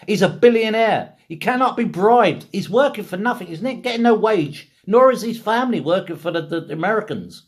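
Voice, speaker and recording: A man from England ranting in a casual monologue, full of rhetorical questions and repeated phrases. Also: high voice. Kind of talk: casual political rant.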